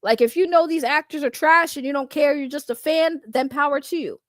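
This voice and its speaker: A woman's voice: sits high, brisk, no room sound. A woman doing casual livestream commentary, rambling and blunt, swearing freely and laughing often. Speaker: online commentator.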